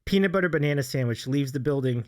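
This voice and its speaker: A man's voice: mid-range voice, animated, fast talker. A man hosting a casual livestream chat, reading viewer comments aloud and laughing often. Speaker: host.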